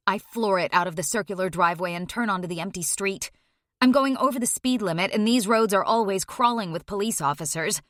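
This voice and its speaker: A woman reading a dark first-person story aloud, tense and emotional, dropping low at grim moments. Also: no echo, studio quality. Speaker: audiobook narrator.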